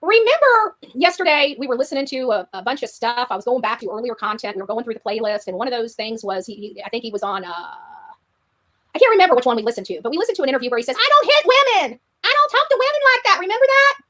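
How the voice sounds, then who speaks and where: Fast high-pitched taunting woman streamer. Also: animated. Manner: taunting, repeats herself. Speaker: live streamer. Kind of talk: rambling livestream talk.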